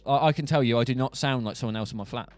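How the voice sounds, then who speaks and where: With rapid-fire delivery at medium pitch, this young English streamer rambles and cracks jokes in a casual monologue, faint music in the background. His accent is Southern English, specifically Buckinghamshire.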